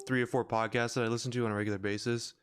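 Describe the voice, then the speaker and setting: A man's voice: medium pitch, level tone, rapid-fire, clear, resonant tone, faint music behind. A man hosting a podcast in casual chat, rambling and full of fillers, laughing often. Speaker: podcast host. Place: podcast recording room.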